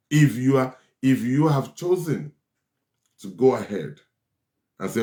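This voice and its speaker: A man giving forceful relationship advice, often repeating his lines for stress. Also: fairly low pitch, lively intonation, normal speed. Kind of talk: preachy advice talk. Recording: echoey room.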